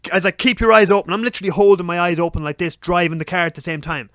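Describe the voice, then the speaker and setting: A young man telling a story on a podcast, swearing freely and acting out his own frantic shouts. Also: fairly high pitch, fairly even intonation, very fast, no echo, studio quality. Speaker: podcast co-host. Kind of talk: casual storytelling chat.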